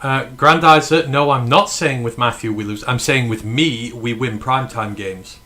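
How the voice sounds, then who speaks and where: Bright-voiced joking male co-host. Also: mid-range voice, moderate pace. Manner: joking, reads viewer comments aloud. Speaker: podcast co-host. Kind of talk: casual live sports chat.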